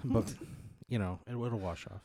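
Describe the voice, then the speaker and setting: A man's voice: lowish voice, fairly even intonation, normal speed, vocal fry, warm tone, no echo, clean studio sound. A man casually telling an absurd, profane hypothetical story and putting on voices for its characters. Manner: spins an absurd scenario, puts on voices, profane. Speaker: podcast co-host posing a hypothetical.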